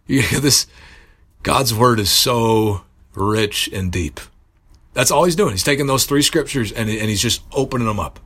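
A man preaching a sermon, earnest and building to emphatic bursts, pausing to correct himself. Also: mid-range voice, a bit bright.

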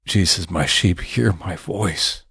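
A man's voice: deep voice, slow pace, vocal fry, fairly bright tone, husky, no echo, studio quality. A man preaching a sermon, fervent and building to emphatic bursts.

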